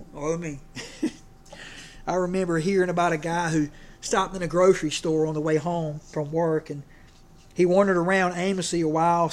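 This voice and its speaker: A man preaching a folksy sermon, joking and often restarting his sentences. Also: on the high side. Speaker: pastor.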